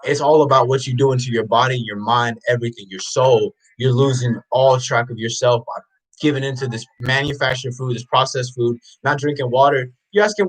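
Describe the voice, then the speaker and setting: A man's voice: medium pitch, a little fast, rough recording. A man giving a blunt, unscripted motivational rant, preaching intensely, hammering the same questions over and over, swearing and often raising his voice. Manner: blunt and profane. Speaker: motivational vlogger.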